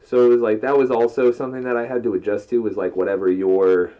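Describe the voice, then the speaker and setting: A man co-hosts a casual couples podcast, rambling in a laid-back way and swearing freely. His mid-range voice is fast and flat, captured on a muffled lo-fi mic.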